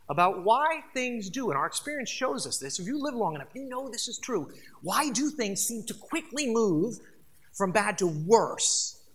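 Animated preacher with a lively, bright voice. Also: mid-range voice. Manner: animated, rhetorical, asks the congregation questions. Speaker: pastor. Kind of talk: sermon.

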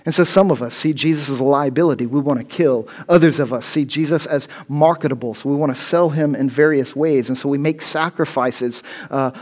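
A pastor giving a sermon, repeating key phrases and building up to loud, pointed questions. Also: male voice, a little high.

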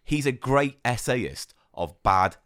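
A man's voice: medium pitch, expressive, takes it slowly, fairly bright tone, no echo, studio quality. A man hosting a podcast, chatting casually and enthusiastically in rambling stretches. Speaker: podcast host. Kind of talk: casual chat.

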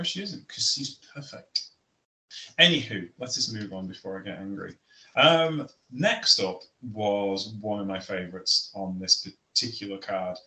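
A man's voice: lowish voice, bright, forceful tone. A man co-hosting a casual wrestling chat, talkative, laughing often and stumbling over his words. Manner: chatty, laughs often, stammers. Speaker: podcast co-host. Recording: echoey room.

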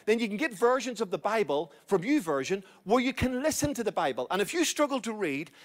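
High-voiced man preaching urgently. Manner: urgent exhorting preacher, repeats key phrases. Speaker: pastor. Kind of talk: sermon.

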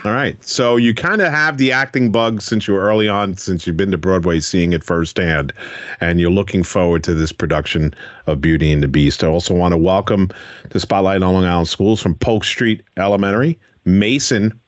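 A man's voice: deep voice, moderate pace, no room sound, lo-fi sound. A man hosting a radio interview show, asking children encouraging follow-up questions from a studio.

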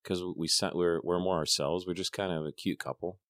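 Guy hosting a podcast, middle-aged, super low voice, teasing and cussing. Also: fairly even intonation, brisk, fairly bright tone, dry recording. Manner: dry, teasing, swears freely. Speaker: podcast host. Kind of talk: casual chat.

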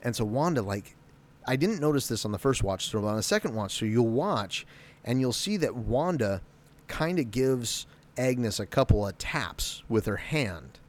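A man talks through an episode in a loose, rambling way, often backing up to correct himself. His pitch sits in the middle range, and his delivery stays conversational and unscripted. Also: animated, normal speed. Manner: rambling, self-correcting, acts out quotes. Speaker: TV episode recapper. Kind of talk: casual spoken recap.

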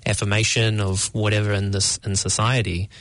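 A young man, answering interview questions about his art in a measured, thoughtful way, often searching for words. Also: fairly low pitch, little pitch movement, a bit bright, no echo. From New Zealand. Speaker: guest artist.

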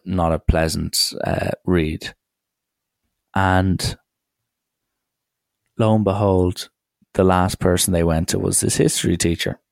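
Young man with a deep, gravelly voice, dry and close, casual rambling anecdote. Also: no echo. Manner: wry, rambling storytelling with acted quotes. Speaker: storyteller.

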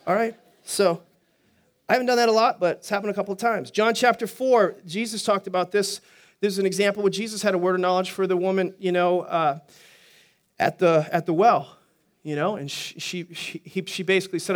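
A man's voice: high voice, fairly even intonation, brisk. A middle-aged man preaching a sermon as pastor, conversational, with joking asides and frequent restarts.

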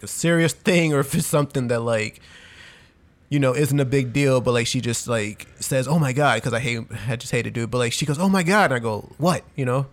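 A young man chatting casually on a podcast, telling a long story full of "like" and "dude". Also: mid-range voice. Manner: rambling storyteller, heavy use of "like" and "dude". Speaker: podcast co-host. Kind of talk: casual chat.

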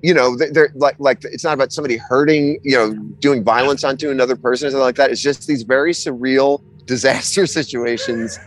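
A man in a casual chat, telling an animated story full of swearing and restarts. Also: mid-range voice, fairly quick, hardly any pauses.

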